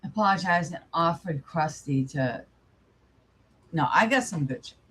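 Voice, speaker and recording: A woman's voice: low voice, expressive, measured pace, a bit bright, slightly rough. A young woman hosting her channel, casually commenting live in an angry, profane, rambling way. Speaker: channel host.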